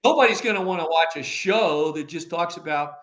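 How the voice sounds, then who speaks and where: In a relaxed podcast interview, an older former agency director briskly tells stories from his career. He has a bright, forceful voice that's fairly high for a man, and he animatedly acts out the dialogue of those he quotes, with frequent laughter.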